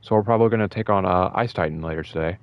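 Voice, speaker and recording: A young man talking in a casual, rambling way about a fighting game, emotional and excited, with many fillers and restarts. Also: deep voice, racing, smooth, no room sound, highs cut off. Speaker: gaming video host.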